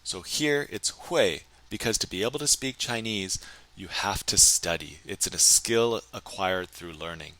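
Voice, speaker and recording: A man teaching a recorded Chinese grammar lesson, explaining in English and slowly modeling sentences in Chinese. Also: deep voice, pushed and bright.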